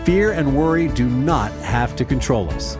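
A man announcing a radio program, reading a devotional close in a calm, measured way. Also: mid-range voice. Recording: music bed under voice.

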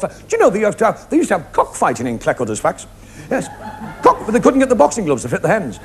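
A man doing a stand-up comedy routine, quick joke patter with broad mimicry. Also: high voice, wildly swooping pitch. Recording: live crowd and noise. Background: laughing audience.

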